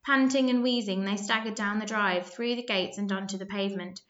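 A woman narrating a children's story aloud, lively and expressive, with small slips. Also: medium pitch, brisk, highs cut off.

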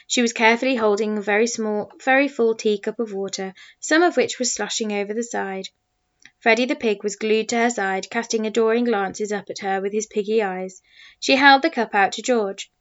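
A woman reading a children's storybook aloud in a steady, expressive narrating voice. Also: a little high, normal speed. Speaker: audiobook narrator. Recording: slightly muffled recording.

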